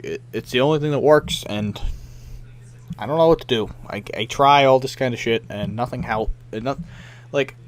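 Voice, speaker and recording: Ranting, foul-mouthed young man. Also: mid-range voice. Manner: frustrated, ranting, swears a lot, mimics others. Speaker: podcast co-host. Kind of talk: casual profane gaming podcast rant.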